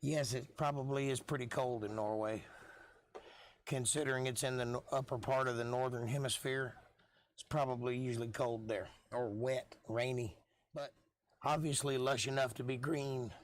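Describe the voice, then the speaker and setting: A hoarse man rambles through a casual live stream chat, offhand and jokey, coughing now and then. His voice sits at an ordinary middle pitch. The sound is dry and close on a desk mic. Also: fairly even intonation, moderate pace, no echo.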